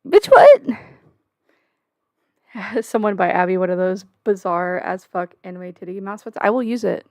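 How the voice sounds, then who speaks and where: A woman's voice: on the low side, fairly even intonation, fairly quick, no room sound, clean studio sound. A young woman hosting a casual livestream from home, rambling and joking with plenty of swearing and filler words. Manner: profane, jokey, rambling with many fillers. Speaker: livestream host.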